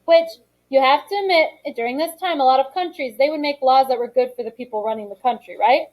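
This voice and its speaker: A woman's voice: high-pitched, brisk, rough recording. A woman teaching a social studies lesson in a classroom, reading from a textbook and talking it through with students in a conversational, encouraging way. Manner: conversational and encouraging, calls on students, frequent fillers. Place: school classroom.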